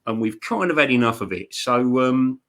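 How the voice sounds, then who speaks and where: A man's voice: mid-range voice, expressive, moderate pace, a bit bright. A man co-hosting a paranormal live stream, chatting bluntly and informally with many fillers and restarts. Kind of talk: casual chat.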